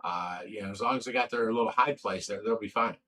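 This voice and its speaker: A man's voice: lowish voice, quick pace, a bit bright, a little hiss or hum, poor audio. An older man from Ohio hosting a fish rescue livestream, chatting casually and reading viewer comments with a rambling, restarting way of talking. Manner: rambling, restarts sentences, swears when angry. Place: indoor room away from the fish room.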